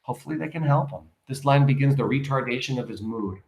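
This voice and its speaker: A man's voice: medium pitch, creaky, reverberant. A man teaching a class, reading a play aloud and stopping to explain it with questions for his students. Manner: animated, questioning, pauses to explain.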